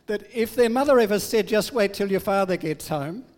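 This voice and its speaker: A man's voice: sits high, animated, brisk, in a large hall. An older man giving a sermon, telling family stories in a humorous, self-deprecating way. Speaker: preacher.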